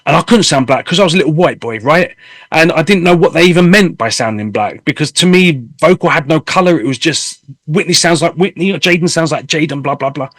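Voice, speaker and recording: A man in his fifties, a singer hosting a casual interview, talking candidly and telling stories with animated swearing. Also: a little high, fairly quick, no room sound. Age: 50s. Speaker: host and singer.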